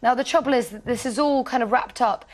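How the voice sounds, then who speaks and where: A woman's voice: on the high side, fast talker. A woman on a TV show running through the morning papers in a breezy, amused way, often laughing through the stories. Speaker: guest newspaper reviewer. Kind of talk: reading and chatting about news stories. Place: TV studio.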